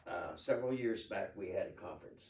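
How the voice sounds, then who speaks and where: Gravelly guy pastor hosting, kinda halting, roomy echo. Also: sits low, darkish tone. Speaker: pastor, host. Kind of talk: casual interview. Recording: echoey room, distant mic.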